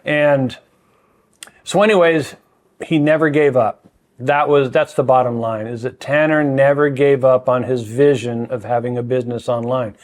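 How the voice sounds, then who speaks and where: An older man with a slightly high voice talks as a mentor on a podcast. He sounds earnest and measured, leaning into key points with emphasis. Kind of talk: reflective conversation.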